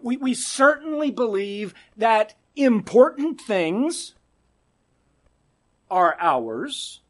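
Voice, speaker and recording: A male preacher with a high voice that swings widely as he delivers a sermon. He lingers over his words, unhurried and deliberate, and often sinks to a near hush on the key phrase. He keeps putting rhetorical questions to his congregation. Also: very animated. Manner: emphatic, dramatic drops to quiet for emphasis.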